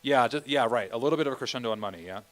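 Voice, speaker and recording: A man's voice: mid-range voice, rapid-fire, poor audio. A man directing a choir rehearsal, counting beats and singing bits of phrases as he coaches the singers. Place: church rehearsal room.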